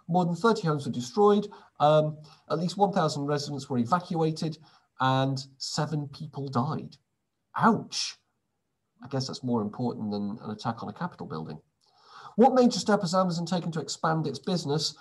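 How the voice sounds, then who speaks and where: A man's voice: medium pitch, slightly rough. A man reading through quiz answers in a casual way, adding wry, sarcastic asides between questions. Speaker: quiz presenter.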